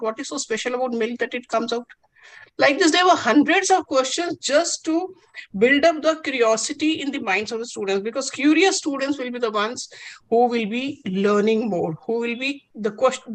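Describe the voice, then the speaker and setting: A woman's voice: fairly high pitch, rough recording. A woman giving an inaugural science talk as guest speaker, telling stories and asking questions earnestly. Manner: earnest, question-driven storytelling. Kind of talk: inaugural lecture storytelling.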